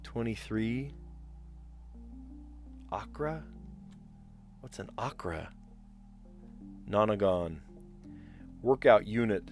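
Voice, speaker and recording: A man's voice: on the low side, lively intonation, extremely slow, pauses often, music in the background. A man live-streaming word puzzles, thinking aloud as he mutters guesses and chats with viewers. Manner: chatty with viewers.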